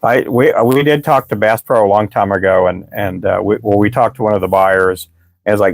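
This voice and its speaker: In a fairly low voice and at a brisk clip, a man chats rambling-style with viewers on a casual live stream where he sells fishing lures. He often starts his sentences over and says he's losing his voice; there's no room sound.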